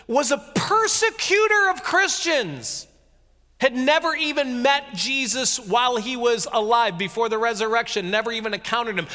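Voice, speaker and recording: Animated bright-voiced male preacher. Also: high-pitched, long reverb tail. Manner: conversational, jokey asides, animated retelling. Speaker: pastor. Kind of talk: casual sermon retelling scripture.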